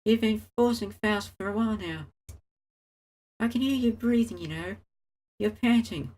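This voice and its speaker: A woman voicing a blunt, suspicious young female basketball player in a visual novel, firing off sharp, demanding questions. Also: medium pitch, normal speed, lightly acted.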